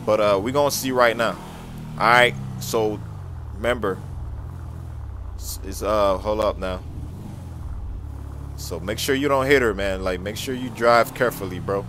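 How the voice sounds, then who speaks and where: A man playing a nervous dad in a game role-play skit who stammers and yells in panic. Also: lowish voice, measured pace, long pauses, a little hiss or hum.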